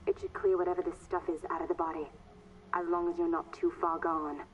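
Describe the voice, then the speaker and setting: Low-voiced young woman on a tinny game phone line; hushed, urgent guidance. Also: flat delivery, fairly quick. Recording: tinny distant phone line, faint hiss.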